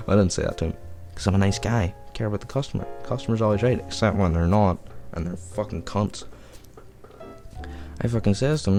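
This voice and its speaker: A young podcast host tells a rambling, profane anecdote in a casual storytelling style. His voice is on the low side, brisk, and dark-toned, with soft music in the background.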